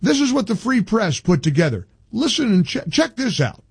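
A man's voice: high voice, very animated, normal speed, gravelly, a little mellow, breathy edge, dry recording. A man hosting a talk radio show in a studio, delivering an indignant, emphatic monologue full of restarts.

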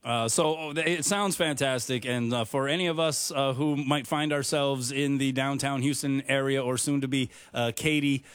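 A man's voice: mid-range voice, fairly even intonation, moderate pace, hardly any pauses, a bit bright, smooth, dry recording. A man hosting a sports radio show, chatting casually with many uhs and ums and laughing easily.

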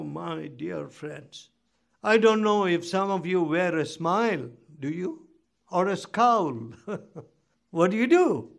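A male preacher delivers a sermon in a high, gravelly voice. He talks slowly and with emphasis, reads scripture aloud, and keeps putting questions to his listeners. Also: fairly bright tone.

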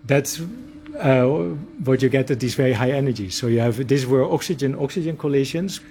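Physicist guy explaining slow and careful, bit of faint background hum. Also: mid-range voice, mellow. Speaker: particle physicist.

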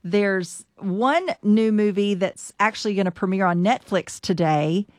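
A woman's voice: mid-range voice, a little slow, darkish tone, no room sound, clean studio sound. A woman co-hosting a morning radio show, chatting casually and loosely with fillers.

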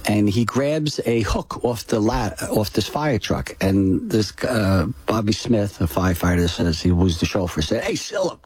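An older man tells a personal story as an interview guest, halting and restarting often. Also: fairly low pitch, darkish tone, slightly rough. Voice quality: halting, full of restarts and "you know". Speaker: interview guest, brother of a firefighter.

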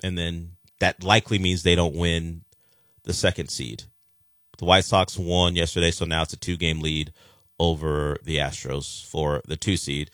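Deep-voiced male sports radio host. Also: fairly bright tone, dry recording, studio quality. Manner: conversational, rambling with restarts. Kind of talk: casual radio talk.

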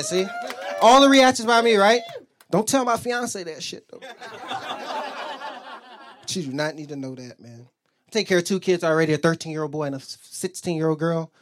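A man's voice: fairly high pitch, fairly quick, slight background noise. A man doing a stand-up comedy set, telling casual confessional stories about being a stepdad.

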